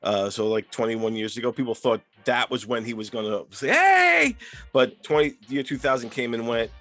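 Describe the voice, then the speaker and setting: A man at mid pitch hosts a casual podcast chat, talking loosely and laughing often. There is faint music underneath. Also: fairly even intonation, a little fast. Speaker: podcast host.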